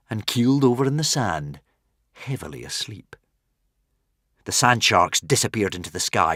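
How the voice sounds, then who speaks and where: A man reading a children's adventure audiobook with lively, dramatic expression and playful asides to the listener. His pitch rises and falls a great deal, and the recording is dry and close. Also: dry recording. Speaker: audiobook narrator. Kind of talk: expressive storybook narration.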